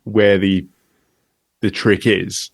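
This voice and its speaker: Lower-voiced man, dry analytical podcast chat. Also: little pitch movement, drawn-out words, creaky, breathy edge, no room sound. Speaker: podcast co-host. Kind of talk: casual chat.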